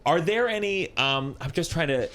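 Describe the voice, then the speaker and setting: A man's voice: on the high side, animated, normal speed, fairly bright tone. Easygoing male podcast host. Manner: easygoing, frequent short affirmations. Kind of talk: casual podcast chat.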